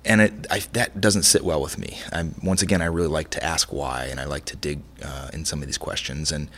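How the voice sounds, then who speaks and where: Middle-aged male chef guest, deep gravelly voice, chatty and meandering in conversation. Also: a little fast. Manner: rambling, many restarts, animated storytelling. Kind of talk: casual interview conversation.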